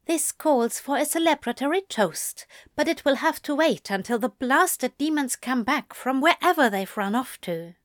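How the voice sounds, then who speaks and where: A woman's voice: high voice, animated, normal speed, hardly any pauses, no echo, clean studio sound. A woman reading the lines of a polite, fussy male host in a courteous, prim manner.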